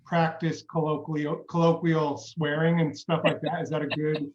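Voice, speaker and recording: Man, co-host, slightly high voice, roomy and dull recording. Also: level tone, moderate pace. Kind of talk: casual chat. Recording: echoey, dull-sounding room.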